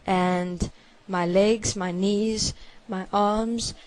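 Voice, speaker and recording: A woman giving a first-person spoken confession, halting and hushed, with many repetitions. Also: mid-range voice, steady tone, poor audio.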